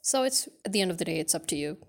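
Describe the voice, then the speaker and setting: A woman's voice: fairly low pitch, lively intonation, racing. A woman teaching English pronunciation who explains the rules step by step and spells words out letter by letter. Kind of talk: pronunciation lesson.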